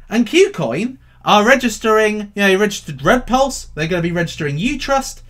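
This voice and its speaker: Animated man hosting a stream. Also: high-pitched. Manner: animated and cheeky, swinging between loud bursts and mutters. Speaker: crypto livestream host. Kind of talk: casual livestream chat, answering viewer questions.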